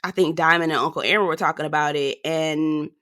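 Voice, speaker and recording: A woman's voice: low-pitched, steady tone, brisk, fairly bright tone. A woman giving casual commentary on a reality TV show, sassy and outspoken, talking straight to her viewers. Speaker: reality TV reviewer.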